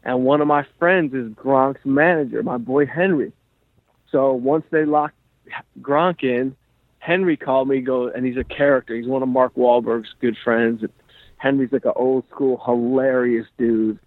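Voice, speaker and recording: A male comedian and podcast host telling a story in a rambling, animated way, full of "like" and "you know". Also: medium pitch, a little slow, no echo. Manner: rambling, animated, heavy use of "like". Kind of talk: casual storytelling chat. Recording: dry tinny phone-like sound.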